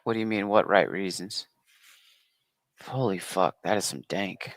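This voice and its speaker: A man's voice: low voice, measured pace, dry recording, rough recording. A man chatting casually on a voice call panel, blunt and crude. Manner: profane, blunt.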